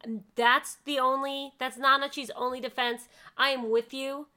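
A woman's voice: sits high, flat delivery, normal speed, pushed and bright, clean tone. A woman co-hosting a podcast in casual chat, with a dry, sarcastic manner. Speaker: podcast co-host.

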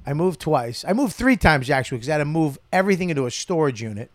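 A man's voice: on the high side, fast, dry recording. A man, a comedian telling a profane story in casual chat. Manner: profane, animated, loud storyteller. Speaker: guest comedian.

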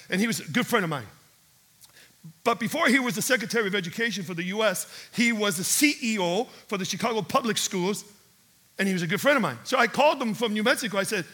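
A male pastor delivers a sermon through dramatic storytelling, dropping to a hush and then surging to a shout. His voice sits high for a man, with a husky, raspy grain and a bright, forceful edge.

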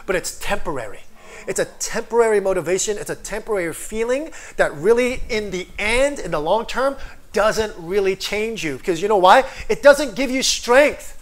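A man's voice: high voice, moderate pace. A man preaching an online sermon with lots of energy, often calling out for an amen and acting out people's inner voices. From foreigner living in Korea. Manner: energetic, calls for amens, acts out inner voices. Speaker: pastor.

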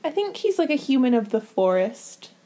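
A woman's voice: high-pitched, very animated, normal speed, warm tone. A young woman co-hosting a casual movie review chat, amused and teasing as she prompts her partner with questions. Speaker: podcast co-host.

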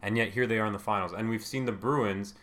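Male podcast co-host, lowish voice, teasing banter, loose and casual. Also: fast talker, fairly bright tone. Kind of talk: casual chat.

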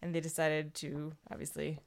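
A woman chatting casually about a picture book, animated and reading lines aloud. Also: sits low, moderate pace, gravelly. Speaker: co-host discussing a picture book. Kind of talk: casual chat.

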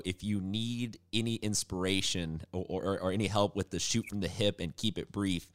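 A man hosting a local sports show, chatty and upbeat as he interviews a coach. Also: sits low. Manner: chatty, upbeat, animated in sign-off. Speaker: sports podcast host.

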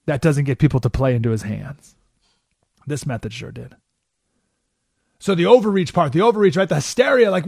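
A man hosting a political talk radio show, telling a story in an animated way and often asking "right?" into a studio microphone. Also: a little high, brisk, creaky, pauses often, slightly rough, no room sound.

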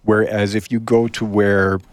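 A man from Winnipeg with a fairly low voice, guesting on a radio show. He explains patiently and drops dry jokes. The sound is close and dry, like a studio mic. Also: flat delivery, unhurried, dry recording. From Winnipeg, Canada. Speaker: guest, computer shop owner. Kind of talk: casual radio chat.

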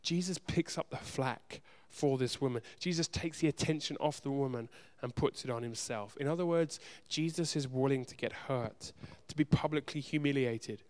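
Male pastor, smooth resonant voice, earnest sermon delivery, loud urgent swells and hushed low moments. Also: moderate pace, hardly any pauses. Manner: earnest, direct address to the congregation.

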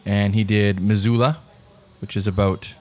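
Low-voiced guy rambling thru book recs at a diner table, casual podcast chat. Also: little pitch movement, moderate pace, a little mellow. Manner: rambling, self-correcting. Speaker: podcast co-host.

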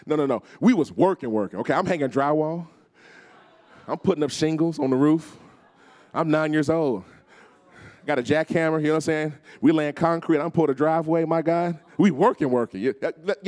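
A man preaching a storytelling sermon as guest speaker, acting out voices and calling on the congregation to respond. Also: mid-range voice. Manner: animated, acts out voices, calls on the crowd.

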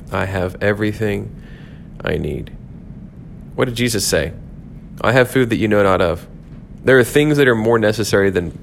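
With a low, creaky voice and slight background noise, a male podcast host teaches on scripture for his devotional show. He comes across earnest and reflective, repeating key phrases to drive them home.

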